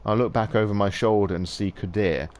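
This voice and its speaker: A man's voice: on the low side, a little fast, a little mellow. A male podcast host casually reading a visual novel aloud on a live stream, with profane, wry asides.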